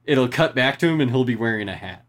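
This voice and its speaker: A woman co-hosting a casual chat, retelling film scenes and slipping into quick voice impressions. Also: a bass voice, lively intonation. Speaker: podcast co-host.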